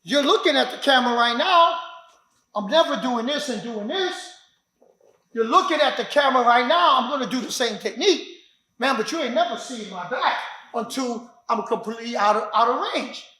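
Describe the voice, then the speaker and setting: A man with a notably high voice teaches self-defense with punch and emphasis. He talks in bursts, now and then raising his voice to a shout as he plays out a street scuffle. The room around him rings with a strong echo. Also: lively intonation, normal speed. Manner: emphatic, acts out street confrontations, occasional shouts. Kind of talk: animated teaching demonstration. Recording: roomy echo.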